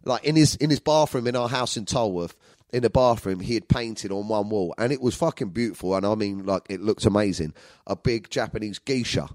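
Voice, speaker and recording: A man's voice: lowish voice, fairly quick, a little mellow, no room sound. A man, a comedian telling rambling, sweary stories about his family. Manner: sweary, rambling, with frequent fillers. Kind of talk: storytelling monologue.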